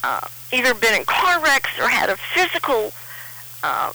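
A middle-aged woman tells a personal story. She rambles and restarts her sentences, and the telling is emotional. Her voice is bright and her pitch swings widely. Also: huge pitch swings, moderate pace, vocal fry, low-quality recording.

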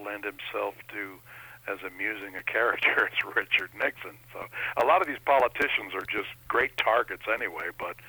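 Being interviewed as an impressionist, this man chats folksily through his anecdotes. His fairly low voice has a sharp tone, and the low-quality recording carries no echo.

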